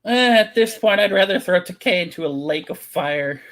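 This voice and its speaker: A podcast co-host who talks casually, restarting sentences as a story unfolds. The swearing comes easily, in a relaxed, chatty way. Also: medium pitch, normal speed. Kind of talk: casual chat.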